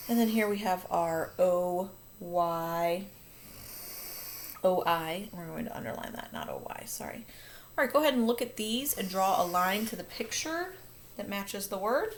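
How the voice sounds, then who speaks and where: A woman's voice: medium pitch, very animated, a little slow. Woman teacher doing a phonics lesson, upbeat + patient, faint background hiss. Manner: upbeat, patient, self-correcting.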